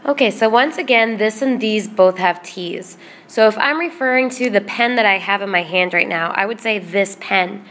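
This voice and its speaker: A woman's voice: medium pitch, fairly bright tone, a little hiss or hum. Patient woman teaching Spanish grammar. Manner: patient, explains slowly, repeats word lists. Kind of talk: classroom grammar lesson.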